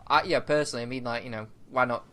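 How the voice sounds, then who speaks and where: A man's voice: mid-range voice, fairly even intonation, very fast, sharp tone. A man co-hosting a film review podcast, rambling with fillers and restarts and laughing often. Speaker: podcast co-host. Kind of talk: casual film review chat.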